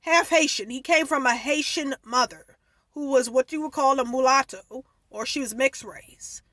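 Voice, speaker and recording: A woman's voice: sits high, normal speed, a bit bright, no echo. A woman giving casual, opinionated commentary as a vlogger, wandering into digressions to explain history.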